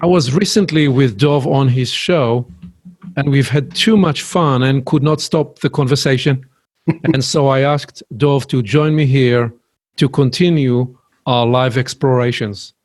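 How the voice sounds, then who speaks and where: A man's voice: medium pitch, a little slow, a little mellow. A man hosting a podcast, interviewing his guest in a friendly way and laughing easily. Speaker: podcast host.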